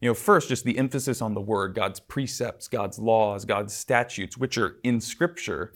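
A man's voice: on the low side, normal speed. Guy giving a church class talk, earnest but casual, lots of asides. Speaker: church teacher. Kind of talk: conversational church lecture.

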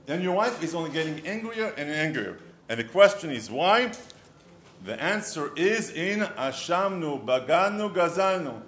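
A man's voice: fairly high pitch, expressive, normal speed, a bit bright, slight background noise. A man giving a short humorous sermon as a rabbi, telling stories and addressing the listener directly. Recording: echoey room.

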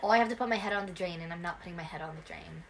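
A woman's voice: on the low side, rapid-fire, gravelly, a little hiss or hum. A woman guest in a casual chat at home, reading questions from a list and answering loosely.

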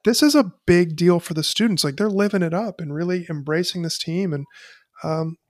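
A man's voice: high-pitched, normal speed, no echo, clean studio sound. A man in his thirties co-hosting a casual sports podcast, enthusiastic and peppering his talk with "like". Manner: enthusiastic, frequent "like" fillers. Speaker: podcast co-host.

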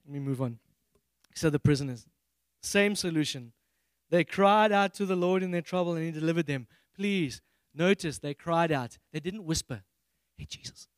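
A man from Africa, preaching a sermon on a handheld mic and acting out prayers in a high, excited voice. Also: moderate pace, no room sound. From South Africa. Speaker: pastor.

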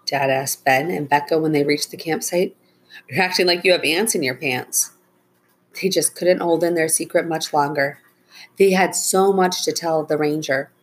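A woman reading a children's chapter book aloud in a steady storytelling manner. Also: low-pitched, breathy edge. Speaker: narrator.

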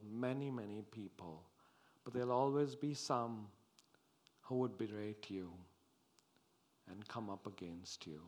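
A man preaching a sermon, slow and dramatic, rising to loud exclamations and dropping to hushed tones. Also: medium pitch.

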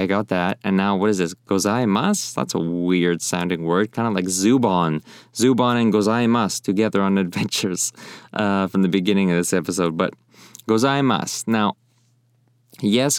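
Casual young male teacher, resonant low voice, patient and chatty. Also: no room sound, studio quality. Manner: friendly, repeats phrases slowly and clearly. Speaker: language teacher. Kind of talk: casual spoken lesson.

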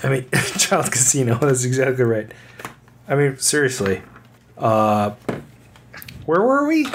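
Guy cohosting a podcast, voice jumps all over the place, excitable and quick to laugh. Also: medium pitch, background noise. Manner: excitable, bouncy, laughs easily. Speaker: podcast co-host. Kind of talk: casual chat.

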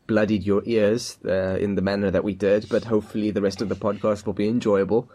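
A man's voice: on the low side, flat delivery, a little fast, warm tone. A man co-hosting a casual sports podcast, teasing and mock-apologetic in his banter. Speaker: podcast co-host.

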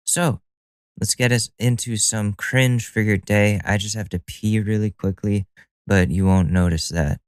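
A man hosts a solo podcast in a casual, profane, sardonic monologue. His voice sits a little low and has a smooth, clear tone. It is recorded close with no room sound. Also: steady tone, measured pace, no echo. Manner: profane, sardonic, laughs at own jokes. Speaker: podcast host.

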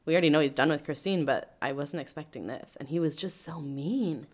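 A woman's voice: deep voice, fairly quick. A woman co-hosting a podcast, chatting casually about a reality show and laughing often. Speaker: podcast co-host. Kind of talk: casual reality TV recap chat.

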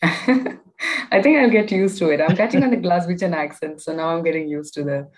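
Young female student guest, low voice, chatty, rambling delivery full of fillers. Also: normal speed, low-quality recording. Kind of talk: casual interview.

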